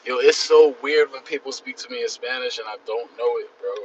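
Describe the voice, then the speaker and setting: A man's voice: mid-range voice, sing-song, a little fast, creaky, recorded from a distance, slight background noise. A young man chatting casually and rambling on his livestream, full of slang. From the Bronx, New York. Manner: rambling, slangy, laid-back. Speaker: livestream host. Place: out and about in the city. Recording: dull phone audio from off-mic.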